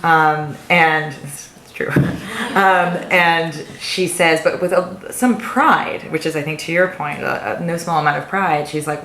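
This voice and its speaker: Low, gravelly-voiced woman, chatty storyteller. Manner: chatty, animated storyteller with quick asides. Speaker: visiting author. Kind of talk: casual talk and Q&A at a reading. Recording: echoey room with faint hiss.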